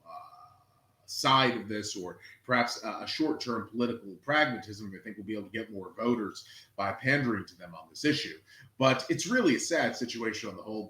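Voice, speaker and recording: A man's voice: on the low side, a bit bright, echoey room, rough recording. A man in a casual discussion, talking in a plain, agreeing way.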